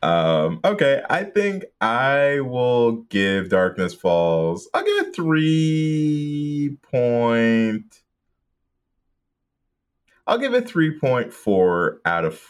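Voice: medium pitch, huge pitch swings, drawn-out words. A laid-back podcast co-host reviewing a horror movie in casual chat and laughing often.

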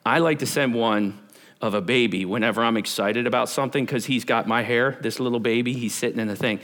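A man, a pastor, preaching an energetic, conversational youth camp sermon and joking with the listeners. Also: mid-range voice, fairly quick. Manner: energetic, conversational, jokes with the audience.

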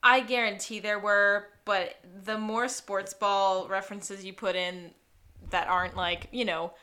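A woman's voice: medium pitch, flat delivery, a little slow, pushed and bright, clear, resonant tone. A woman co-hosting a podcast, recapping a TV episode in casual chat and laughing often between remarks. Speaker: podcast co-host.

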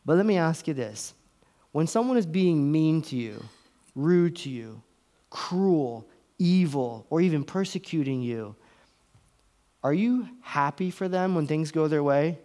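A man preaching as a pastor, slowing down on key words, pausing for effect and acting out inner voices that range from whispers to raised exclamations. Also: a little high, expressive, mellow. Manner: dramatic pauses, slows down for emphasis. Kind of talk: sermon.

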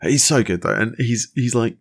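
A man's voice: mid-range voice, moderate pace, vocal fry, breathy edge. A young man co-hosting a podcast, chatting casually and rambling enthusiastically with plenty of fillers and restarts. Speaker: podcast co-host. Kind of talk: casual chat.

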